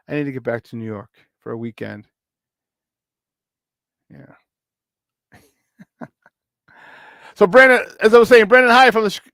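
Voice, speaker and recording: A man's voice: fairly high pitch, vocal fry, fairly bright tone, dry recording, clean studio sound. A man in his fifties hosting a casual sports talk stream, greeting viewers in the chat, joking and laughing often. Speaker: sports talk show host.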